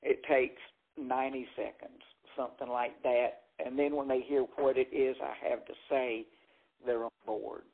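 A man's voice: mid-range voice, moderate pace, vocal fry. A man from Mississippi with a thick Southern accent, a stand-up comedian telling stories in an interview and acting out quotes. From Jackson, Mississippi. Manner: animated storyteller acting out quotes. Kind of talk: storytelling interview. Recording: narrow phone-like sound.

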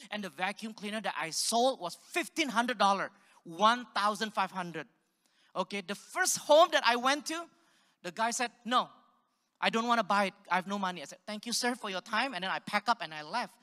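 Man from Singapore, lively preacher, bright tone, long hall reverb. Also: high-pitched. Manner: animated storytelling with laughs and audience questions. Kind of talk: sermon.

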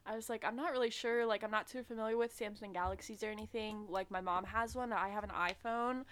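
A young woman co-hosting a podcast, telling relaxed everyday anecdotes. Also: medium pitch, fast. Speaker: podcast co-host. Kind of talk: casual chat.

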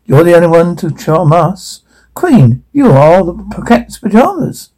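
A man voicing a flattering magic mirror in a storybook reading, with a slow, husky delivery. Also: high voice, full character voice. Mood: fawning. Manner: flowery, fawning.

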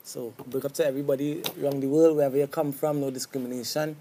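Rambling Trinidadian man, dark mellow voice. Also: mid-range voice, fairly even intonation, fast talker, slight background noise. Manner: rambling, keeps asking "you understand". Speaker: guest soca artist. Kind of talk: casual interview chat. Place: TV studio.

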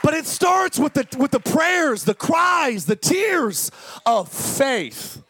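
A male pastor preaching an impassioned sermon that swings between fast talk, slow drawn-out words and shouting. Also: very high-pitched, sing-song, gravelly. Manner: impassioned preaching, often shouting, sudden speed changes. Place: church service.

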